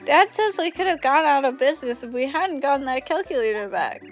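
A woman's voice: high voice, animated, fairly quick, faint music behind. A woman reading aloud the lines of a grateful young shopkeeper's child from a game, eager and polite.

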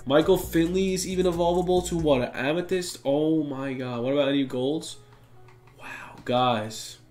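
A young man giving excitable, slang-heavy commentary on a basketball video game and talking straight to his viewers. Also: a little high, moderate pace. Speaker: gaming YouTuber. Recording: echoey room with faint music.

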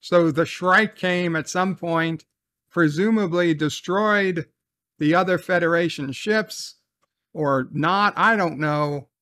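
A man's voice: fairly high pitch, slow, a bit bright, no echo, studio quality. A man giving a casual, rambling spoken recap and review of a TV episode, repeating phrases and swearing now and then.

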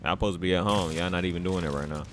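A man giving loud, excitable commentary while playing a video game, trash-talking the characters on screen. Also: sits low, very fast, a little hiss or hum. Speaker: gameplay commentator. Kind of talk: casual let's-play commentary.

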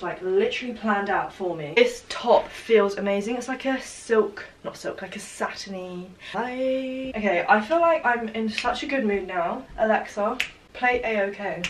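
A woman's voice: mid-range voice, a bit bright. A bubbly young woman gushes casually through a try-on haul, her speech full of "like" and "literally". She is recorded from a few feet off, so the room rings around her voice and a faint hiss sits underneath. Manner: bubbly, chatty, lots of "like" and "literally". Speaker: fashion vlogger. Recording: roomy, distant camera audio with light hiss.

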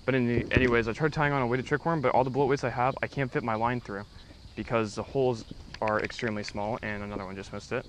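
Excitable man fishing outdoors. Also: medium pitch, quick pace, a little hiss or hum. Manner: excitable, bursts of exclamation. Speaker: angler. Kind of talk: casual fishing vlog commentary.

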